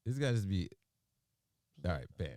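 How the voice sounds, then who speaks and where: A man co-hosting a morning radio show, bantering and joking with an animated, emphatic delivery in a studio. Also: sits low, normal speed, no echo.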